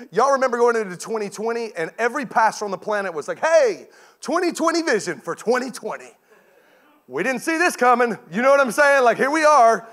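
A man in his thirties, a guest pastor, preaching a sermon with lively storytelling and bursts of laughter. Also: very high-pitched, fast.

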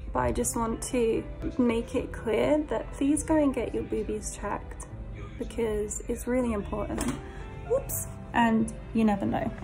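A woman's voice: a little high, low-quality recording. A young British woman talking openly and a little nervously in a casual video diary. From Britain. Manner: chatty and open, nervous. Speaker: vlogger.

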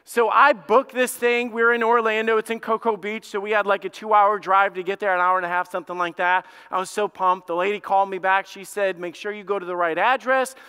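A man, a pastor, telling a lively story in a sermon and acting out both sides of it. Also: sits high, a little fast, few pauses, smooth, big-room sound. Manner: animated, acts out both sides of his own story. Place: church sanctuary.

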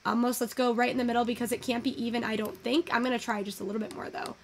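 A young woman talks through her virtual photography in a loose, chatty way, cursing casually and gushing at every shot. Her voice sits a little high with a gravelly fry at the ends of phrases. There is a faint hiss of noise under the recording. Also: rapid-fire. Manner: chatty, swearing, gushing, easily excited. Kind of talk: casual gameplay commentary.

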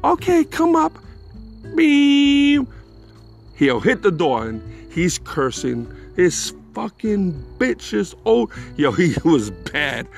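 Gravelly man, slightly high, casual and profane storyteller. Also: takes it slowly, few pauses, soft background music. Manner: animated, profane and rambling. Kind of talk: casual anecdote.

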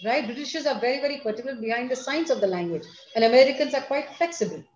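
A woman's voice: sits high, lively intonation, racing, a little hiss or hum. A middle-aged woman with an Indian English accent, a school principal answering questions in an online seminar, stressing points by repeating them. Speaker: school principal giving a talk. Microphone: video call. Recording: echoey, dull video-call audio.

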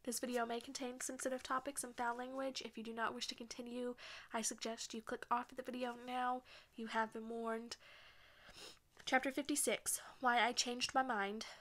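Bright-voiced woman reading a book aloud. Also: fairly high pitch, little pitch movement, a little fast. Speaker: channel host reading a novel aloud.

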